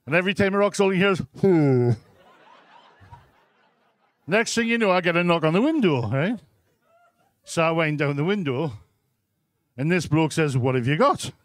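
A Geordie man performs brash, crude stand-up on a club stage, checking in with the crowd after nearly every line. His voice sits high for a man. The sound is close and dry. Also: fairly quick, long pauses, dry recording. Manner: brash, crude storytelling with constant "right?" asides to the crowd. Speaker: stand-up comedian. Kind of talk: live stand-up set.

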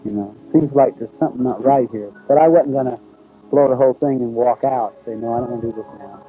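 A man telling his own experience in a documentary, recalling it in halting, unpolished speech with restarts. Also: mid-range voice, warm tone, soft background music, rough recording. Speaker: eyewitness recounting his experience. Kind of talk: first-person testimony in a documentary.

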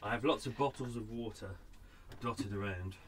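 A man's voice: fairly low pitch, moderate pace, noisy background. A man hosting an unscripted podcast segment from his boat, chatty, rambling and self-mocking. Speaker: podcast host. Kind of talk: casual unscripted chat. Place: narrowboat cabin.

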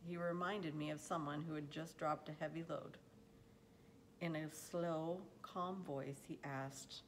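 A woman reading a children's novel aloud in a steady, unhurried storytelling manner. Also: sits low, a little hiss or hum, low-quality recording. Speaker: audiobook reader.

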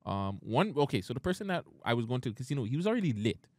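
A man co-hosting a podcast, telling a story in casual, profane chat and loudly acting out the quotes. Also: medium pitch, big pitch swings, very fast, dry recording, clean studio sound. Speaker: podcast co-host.

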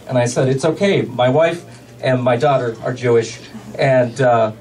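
A man doing a stand-up comedy set, delivering deadpan one-liners with pauses for laughs. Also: medium pitch. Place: comedy club stage with a laughing audience. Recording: distant club recording with loud crowd noise.

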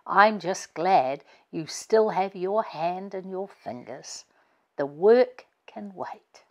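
A woman reading aloud as a practical, cheerful mother giving her children brisk instructions. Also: fairly low pitch, lively intonation, muffled recording. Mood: gentle.

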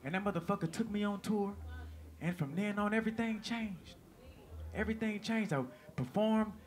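A man doing stand-up, telling an animated, profane story on stage and laughing through it. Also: high-pitched, normal speed. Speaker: stand-up comedian. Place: stage before a live audience. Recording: live show with crowd.

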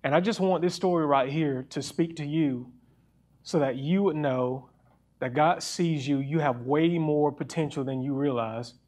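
A young man with a fairly high voice preaches a sermon. He talks in an earnest, personal way and stops to restart his phrases as he works through his thoughts. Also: a little mellow. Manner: reads scripture aloud faster.

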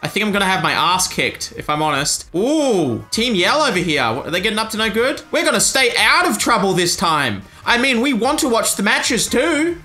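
A man's voice: sits high, big pitch swings, a little fast, hardly any pauses, sharp tone, soft background music. A man giving crude, joking let's-play commentary over a video game. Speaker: YouTube gamer.

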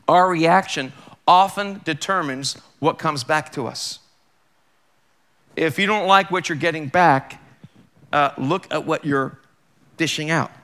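Bright-voiced man preaching conversationally. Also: fairly high pitch. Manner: conversational and emphatic, full of rhetorical questions. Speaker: pastor. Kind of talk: sermon. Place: church.

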